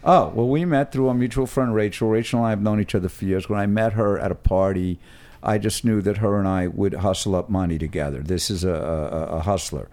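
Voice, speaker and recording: Animated storytelling man. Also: lowish voice, fairly quick. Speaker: guest podcaster. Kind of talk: casual chat. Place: home podcast studio.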